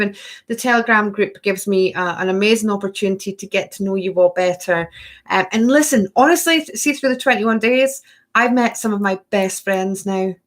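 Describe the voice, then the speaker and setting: A woman hosting a spiritual workshop, chatting effusively through a casual live-stream Q&A and answering viewers by name. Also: mid-range voice.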